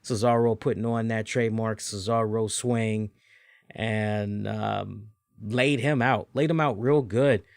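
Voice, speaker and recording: A man hosting a casual solo wrestling review, rambling and animated, with lots of fillers and asides. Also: on the low side, takes it slowly, gravelly, dry recording, clean studio sound. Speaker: wrestling show host.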